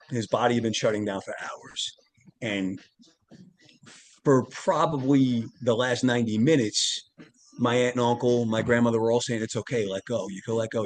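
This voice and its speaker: Middle-aged male guest, earnest storyteller, mid-pitched voice, casual interview. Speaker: podcast guest, tarot reader and author.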